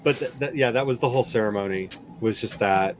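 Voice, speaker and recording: A man at a middle pitch chatting on his own livestream, spinning stories and tripping over restarts. A faint hum of room noise sits under his voice. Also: fast. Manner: chatty storyteller, stammers on restarts. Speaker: streamer, author. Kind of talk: casual chat on a livestream.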